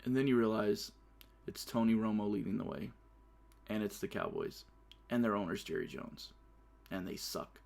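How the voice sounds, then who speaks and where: A man's voice: lowish voice, moderate pace, creaky, pauses often, darkish tone. A man hosting his own casual talk show, brash and profane, often laughing through his stories. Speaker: podcast host. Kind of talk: casual solo show commentary.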